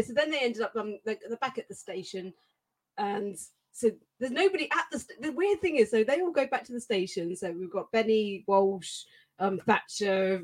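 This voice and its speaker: Brief: female podcast co-host, animated giggly retelling, somewhat high and husky. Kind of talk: casual chat.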